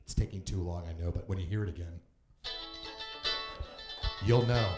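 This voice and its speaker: A man's voice: low voice, normal speed, long pauses, reverberant, over music. A man closing his stand-up set on a comedy club stage, drawing out his punchlines.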